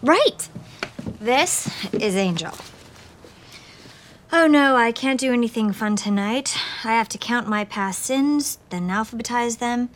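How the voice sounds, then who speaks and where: A woman's voice: fairly high pitch, expressive, a little slow, a little hiss or hum. An actress playing a sarcastic young woman who mockingly imitates a brooding man in a TV drama. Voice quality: mocking, sing-song delivery. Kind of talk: TV drama acting.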